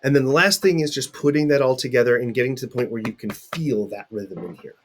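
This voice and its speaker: A man's voice: mid-range voice, fast talker, noisy background. A middle-aged man teaching in a recorded video lecture, talking conversationally and putting questions to his students.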